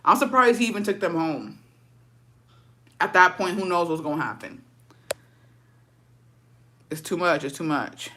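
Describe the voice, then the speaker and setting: A woman's voice: fairly low pitch, animated, unhurried, pauses often, a bit bright, a little hiss or hum. A woman streamer in casual chat with viewers, telling a story in slang full of swearing and laughter, dropping in words.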